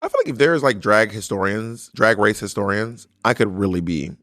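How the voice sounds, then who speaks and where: A man talking casually as a guest, an animated storyteller who acts out what others said. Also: lowish voice, brisk, no echo, studio quality. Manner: animated storyteller, slips into quoted voices. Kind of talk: casual chat.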